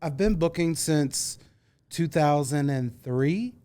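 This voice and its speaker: A man in casual podcast conversation, an animated storyteller who acts out the voices of people he quotes. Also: on the high side, slow pace, clear, resonant tone. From Cincinnati area. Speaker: guest, former concert booker.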